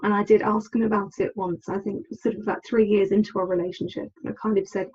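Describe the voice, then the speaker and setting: A woman's voice: mid-range voice, flat delivery, fast, hardly any pauses, darkish tone, husky, muffled recording. A woman, a podcast guest telling her personal story candidly and with hesitations. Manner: candid, hesitant, acts out quoted lines.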